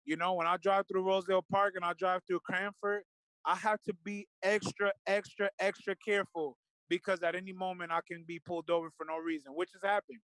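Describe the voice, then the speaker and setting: A man talks with a high voice, earnest and openly emotional, with loose fillers and restarts. The sound is dry and close, with no room around it. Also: little pitch movement, a little fast, a bit bright, dry recording, rough recording. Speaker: guest. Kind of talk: casual discussion.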